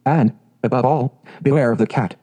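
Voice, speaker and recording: A man voicing a fretful, prim mother duck in a storybook reading, with a mellow voice. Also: mid-range voice, moderate pace, close to an everyday voice. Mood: instructive. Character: fussy proud mother duck.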